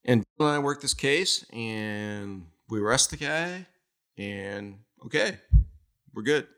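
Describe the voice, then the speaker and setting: A man who spent decades as a police officer tells war stories in a relaxed interview. His pitch rises and falls a lot as he goes, and he keeps breaking into laughter and tossing in casual swearing. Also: slow pace. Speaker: retired police officer guest.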